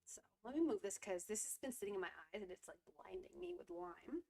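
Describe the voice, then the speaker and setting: A woman's voice: very animated, fairly quick, gravelly, a little mellow, a little hiss or hum. Woman, casual streamer chat, giggly, lots of fillers, stuffy nose, home room. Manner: chatty, giggly, apologetic, with many fillers; high coaxing voice when soothing her cat. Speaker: resin jewelry streamer.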